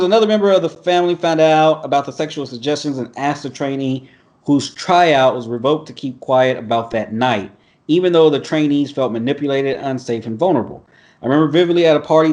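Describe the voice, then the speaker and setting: A man's voice: mid-range voice, a little mellow. Man, podcast host, casual chat, blunt, profane, video call. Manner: blunt, profane, laughs often. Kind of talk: casual chat, reading an article aloud.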